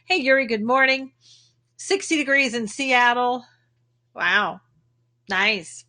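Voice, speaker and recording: A woman's voice: on the high side, pushed and bright. A woman with a Texan accent hosting a casual livestream, chatting and greeting viewers by name as she talks. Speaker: livestream host. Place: home in Texas.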